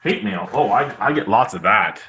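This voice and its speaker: A man's voice: lowish voice, expressive, normal speed, pushed and bright, slight background noise, low-quality recording. A man hosting a beer review show, telling rambling, profane stories in casual chat while a little tipsy.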